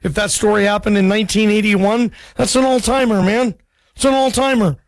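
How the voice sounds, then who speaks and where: High-voiced chatty male radio host. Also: fairly even intonation, brisk, no echo. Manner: friendly, chatty, asks eager questions. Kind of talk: call-in radio hosting.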